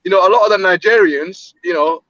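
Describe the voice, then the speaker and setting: A man's voice: high-pitched, a little fast, fairly bright tone, no echo. Man with a dull lo-fi sound. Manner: rambling, many fillers and restarts. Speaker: boxing channel host. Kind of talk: casual panel chat.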